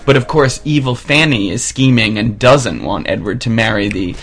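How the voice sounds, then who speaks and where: A man's voice: lowish voice, moderate pace, a bit bright, husky, faint music behind. A man hosting a film review chat, retelling scenes in a playful, teasing way. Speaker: podcast host.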